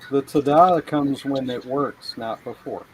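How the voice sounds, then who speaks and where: A man's voice: medium pitch, unhurried, noisy background. Dry wisecracking man from northern Michigan. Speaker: friend on the stream. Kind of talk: casual chat.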